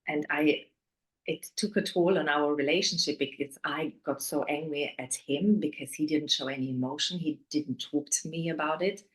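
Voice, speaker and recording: A woman interviewed as a guest, candidly telling a painful personal story, often dropping to a hushed voice. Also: low voice, normal speed, low-quality recording.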